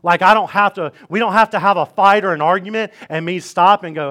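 Casual pastor with a raised voice. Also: male voice, high-pitched, brisk, pushed and bright. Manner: conversational, repeats for emphasis. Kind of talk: sermon. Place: church sanctuary.

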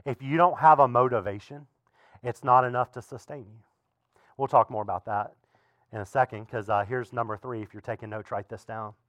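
A man preaching a sermon as pastor in a relaxed, conversational way, with frequent asides to the congregation. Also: medium pitch, brisk, no echo, clean studio sound. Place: church.

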